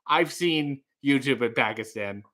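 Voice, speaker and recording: A man's voice: mid-range voice, a little slow, fairly bright tone. A man hosting a casual live stream, reading viewer comments aloud and joking with chat. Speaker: livestream host.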